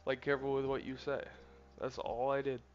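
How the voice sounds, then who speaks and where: A man's voice: medium pitch, level tone, fairly quick, dull audio. A man chatting casually to his live-stream chat while coding a game, a little defensive. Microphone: desk mic, input gain changed. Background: faint music, room fan.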